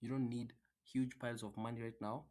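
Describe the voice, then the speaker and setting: A man talks straight at his audience in a loose, unscripted rant, hammering the same points over and over. His delivery is blunt and profane, with plenty of filler words. The pitch sits in an ordinary middle range for a man. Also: level tone, fairly quick, darkish tone. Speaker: trading content creator. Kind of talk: casual motivational rant.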